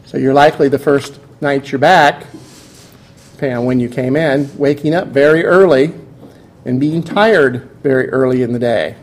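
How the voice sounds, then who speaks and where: A man's voice: medium pitch, moderate pace. A man giving a classroom lecture, explaining step by step and putting questions to his students.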